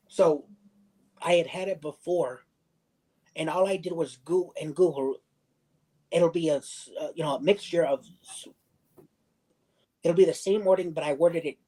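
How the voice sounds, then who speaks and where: A man's voice: on the high side, mellow, breathy edge, poor audio. A young man telling a personal story in casual livestream chat. He rambles, circles back, restarts sentences and acts out other people's lines.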